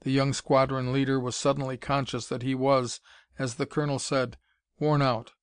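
Brief: male audiobook narrator, measured, mid-pitched, dry close sound. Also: clean tone, no room sound. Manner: steady, measured reading. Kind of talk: scripted narration.

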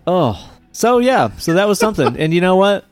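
A man's voice: high-pitched, very animated, moderate pace, clear, resonant tone, no room sound, soft background music. A man co-hosting a podcast in casual chat, joking and swearing freely. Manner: profane, laughing, joking. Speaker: podcast co-host.

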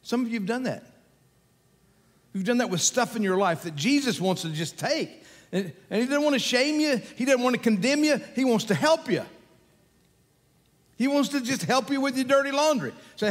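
An older man preaches a sermon in a relaxed, storytelling manner, chuckling as he goes. His voice sits high for a man. A long reverb trails behind him, as in a big hall. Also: moderate pace. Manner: conversational, folksy, animated storytelling with chuckles. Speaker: pastor.

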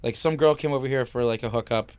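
A man's voice: medium pitch, fast talker, darkish tone, clear, resonant tone, no echo. A man hosting a casual comedy podcast, ranting with heavy swearing and frequent laughter. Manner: profane, ranting, laughs often.

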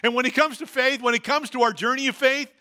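A man, a pastor, preaching a sermon in a church, swinging from loud declarations to quiet, low asides. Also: fairly even intonation, fast talker. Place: church hall.

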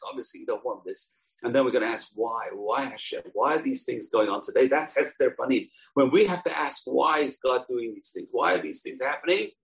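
A man teaching a Torah lesson in an animated way, asking rhetorical questions aloud. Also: medium pitch, creaky, poor audio. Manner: animated, rhetorical questions, acts out voices in a joke.

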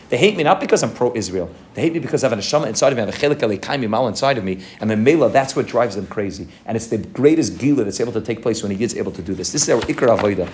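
A man's voice: medium pitch, a little hiss or hum. A man giving a fervent sermon to his congregation as its rabbi, telling stories and weaving in many Hebrew and Yiddish terms. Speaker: rabbi of a synagogue.

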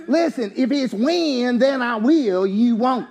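A man preaching a sermon in a church, animated and joking, rising to shouts at his peaks. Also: very high voice, slow, gravelly, few pauses. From US, town near country. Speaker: pastor.

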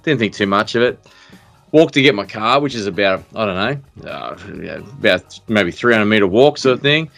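Australian male podcast host, low voice, rambling, restart-heavy storyteller, faint music bed. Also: expressive, moderate pace, creaky, a bit bright. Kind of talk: casual chat.

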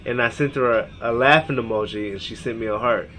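A man in his thirties from Seattle, hosting a podcast as he vents in a long, profane rant. He rambles and reads text messages aloud, in a voice of ordinary middle pitch. A faint hiss sits under the recording. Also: a little fast, sharp tone, rough recording. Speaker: podcast host. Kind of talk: emotional rant.

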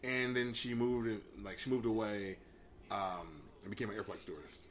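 Low-voiced young man hosting a podcast. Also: normal speed, a bit bright. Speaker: podcast host. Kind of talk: casual podcast chat.

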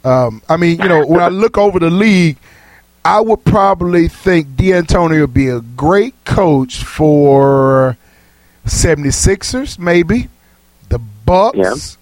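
A man's voice: on the high side, animated, slow pace, darkish tone, no room sound. A man hosting a casual sports radio talk show, chatty and laughing often.

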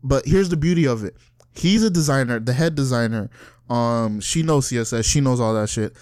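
A young man, a software developer, telling a work story in casual chat. He is animated and profane, laughs often and acts out the people he quotes. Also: medium pitch, moderate pace, dry recording, studio quality. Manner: animated, laughs often, breaks into cackles mid-sentence.

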